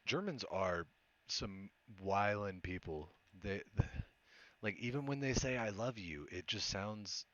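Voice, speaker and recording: A man's voice: fairly low pitch, lively intonation, takes it slowly, pushed and bright, dull audio. Laid-back young man streaming a game. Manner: laid-back, joking, swears, frequent laughs. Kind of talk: casual live gameplay commentary.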